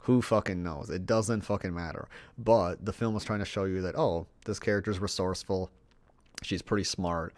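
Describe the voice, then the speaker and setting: A man's voice: deep voice, fairly even intonation, moderate pace, darkish tone, no echo. A man giving a rambling, profane, sarcastic film review, now and then mocking the characters in put-on voices. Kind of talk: casual profane movie review.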